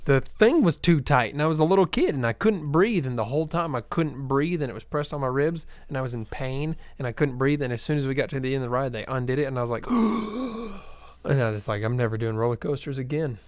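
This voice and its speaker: A man with a mid-range voice chatting casually as a podcast co-host. He sounds relaxed and chatty and laughs easily. The recording is dry and close to the mic. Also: mid-range voice, quick pace, few pauses, dry recording. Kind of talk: casual chat about movies.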